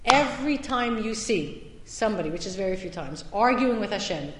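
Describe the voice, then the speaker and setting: A woman teaching a Torah class as a summer lecture, stressing some points loudly and dropping into quiet asides. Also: medium pitch, expressive, normal speed, background noise. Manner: emphatic, swings between loud stresses and quiet asides. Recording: echoey hall with long reverb.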